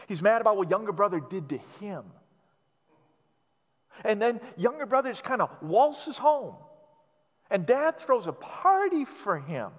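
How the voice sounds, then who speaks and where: A man preaching a sermon as pastor, emphatic and repetitive, letting phrases sink to a quiet, low finish. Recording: long hall reverb.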